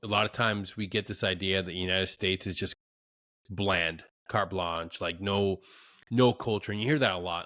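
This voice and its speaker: Laid-back podcast host, low-voiced man. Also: normal speed, no echo, studio quality. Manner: relaxed, laid-back, says "dude" and "my man". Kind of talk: casual conversation.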